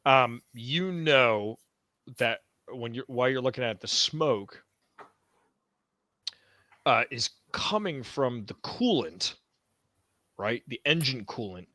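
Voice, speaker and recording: A man's voice: medium pitch, lively intonation, takes it slowly, long pauses, sharp tone, dry recording. A man running a tabletop game as game master, explaining the situation to the players.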